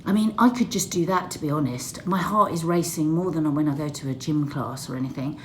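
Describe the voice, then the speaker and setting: Chatty woman, low voice. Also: fairly quick, slight background noise. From England. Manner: chatty, excitable, swears casually. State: out of breath. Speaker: vlogger. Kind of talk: casual vlog monologue. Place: dressing room at work.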